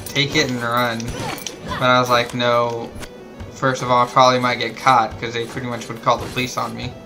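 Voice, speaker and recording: A man's voice: mid-range voice, poor audio. A man streaming a game, telling a long story in a rambling, casual way with many restarts. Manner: rambling, restarts often, quiet asides. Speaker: gamer streaming a playthrough. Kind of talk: casual storytelling while gaming. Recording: game music behind the voice.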